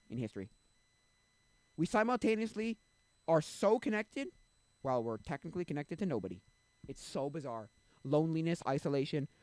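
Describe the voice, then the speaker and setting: A young man chats on his live stream, wandering from point to point and often losing his thread. His voice sits at an ordinary middle pitch. The sound is dry and close, with no room echo. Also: mellow. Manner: rambling, loses his train of thought. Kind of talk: casual chat.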